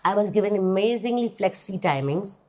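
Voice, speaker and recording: A woman's voice: medium pitch, lively intonation, fairly quick, a little mellow. Earnest Indian woman telling her story. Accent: Indian English. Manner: earnest and emphatic, repeats and restarts words. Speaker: interviewee. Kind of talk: personal testimony.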